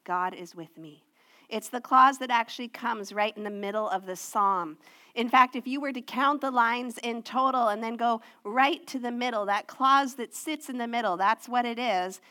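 A woman preaching a sermon, earnest and personal, slowing and softening when she reads scripture aloud. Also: a little high. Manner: slows and softens to read scripture.

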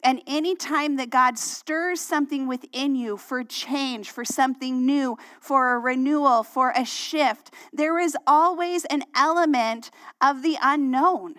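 A middle-aged woman pastor, preaching a sermon and telling a personal story in a conversational way that turns animated when she acts out dialogue. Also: sits high, a little slow.

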